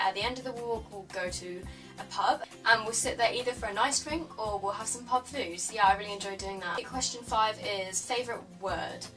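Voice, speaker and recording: A woman's voice: medium pitch, recorded from a distance. Young English woman, casual vlog chat, lots of "like", self-deprecating, a bit away from the mic, music underneath. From England. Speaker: beauty vlogger.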